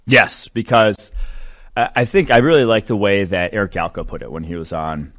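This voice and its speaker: A man's voice: on the low side, normal speed, a bit bright. A man co-hosting a sports podcast, talking loosely and rambling with lots of fillers. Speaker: podcast co-host, draft analyst. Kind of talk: casual sports podcast chat.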